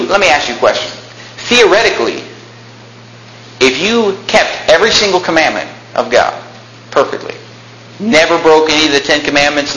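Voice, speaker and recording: A man's voice: fairly high pitch, sharp tone. A man preaching a sermon, telling stories and rising to emphatic peaks. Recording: echoey room with faint noise.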